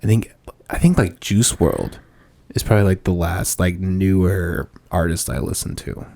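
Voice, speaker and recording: A man's voice: low voice, moderate pace, creaky, mellow. A man hosting a podcast in casual studio chat, rambling loosely with lots of fillers and crude jokes. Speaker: podcast host.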